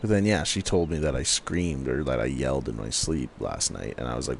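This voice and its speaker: Man, rambling storyteller, low gravelly voice, faint hiss behind. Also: fairly quick. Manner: rambling storyteller with many fillers. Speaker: co-host. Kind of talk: casual chat while gaming.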